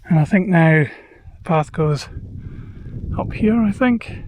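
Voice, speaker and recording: A hiking vlogger with a slightly high voice narrates his walk on an open hillside to the camera. He is chatty, relaxed and self-deprecating, often pausing on "uh". Wind noise comes through in the outdoor recording.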